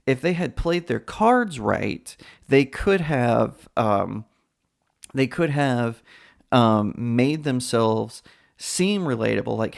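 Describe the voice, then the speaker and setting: Gravelly, scornful man commentator. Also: medium pitch. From United States. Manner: scornful, mocking, rambling with many "you know"s. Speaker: political commentator. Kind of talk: opinionated solo commentary.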